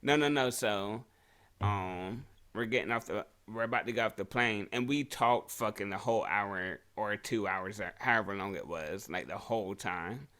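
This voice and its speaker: A podcast co-host tells crude, rambling stories in casual chat, laughing often along the way. His voice sits a little low but comes out bright and forceful. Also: moderate pace.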